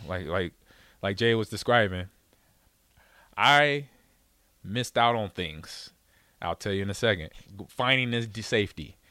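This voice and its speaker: A low-pitched middle-aged man who once played pro football spins a casual yarn with no echo. He gets animated, does the voices of the people in the story, and laughs often.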